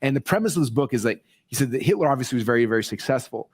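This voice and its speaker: A man speaking excitedly to a live audience, rambling with many fillers and restarts, voicing quoted people in a raised voice. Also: mid-range voice, rapid-fire, slightly rough. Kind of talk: excited casual presentation. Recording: played clip inside a commentary video.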